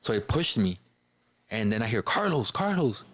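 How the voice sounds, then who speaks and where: A man's voice: lowish voice, expressive, moderate pace, dry recording. A man from Chicago, a podcast guest, telling a personal story in a casual, informal way, filling his speech with "you know" and "bro".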